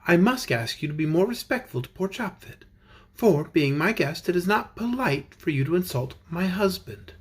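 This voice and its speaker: A man's voice: high voice, very animated, moderate pace, breathy edge, full character voice. A man voicing a young woman who speaks in a cool, politely amused way.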